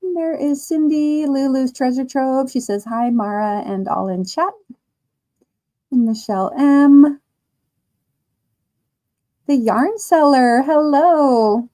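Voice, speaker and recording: Slow, mellow-voiced woman chatting. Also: high voice. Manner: slow, chatty, laughs often. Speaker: livestream host. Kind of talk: casual livestream chat reading comments.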